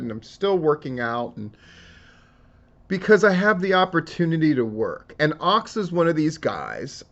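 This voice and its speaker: A man's voice: mid-range voice, highs cut off. A man giving casual solo commentary on wrestling news, talking in a profane, rambling and emotional way. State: tearing up.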